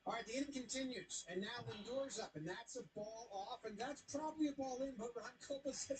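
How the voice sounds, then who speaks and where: Jokey man recapping baseball highlights. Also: brisk, few pauses, a little hiss or hum. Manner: animated, jokey, voices the players. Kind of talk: casual play-by-play recap.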